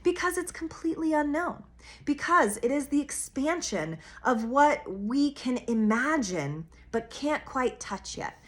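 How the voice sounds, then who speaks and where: A woman astrologer giving a weekly forecast in a musing, earnest and expressive way, with casual slang and soft laughs, at times speeding up. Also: high-pitched. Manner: earnest, musing and expressive, with bursts of quick talk.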